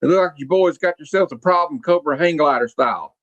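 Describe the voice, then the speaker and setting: A man voicing a gruff, folksy cowboy helicopter pilot from a comic book, with a slow drawl. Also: a little high, fairly bright tone, no room sound, muffled recording.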